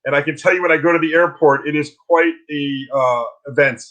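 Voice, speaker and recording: A man who teaches philosophy, telling stories as an interview guest on a video call, lively with many restarts. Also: a little high, a little fast, dull audio. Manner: animated storytelling with restarts. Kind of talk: casual interview talk.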